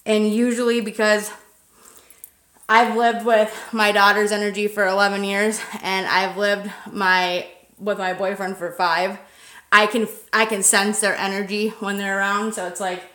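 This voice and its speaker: A woman's voice: mid-range voice, level tone, a little slow, a bit bright, reverberant. A woman in her thirties hosting a paranormal livestream outdoors at night, chatting loosely with viewers and swearing freely. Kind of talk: casual livestream chat.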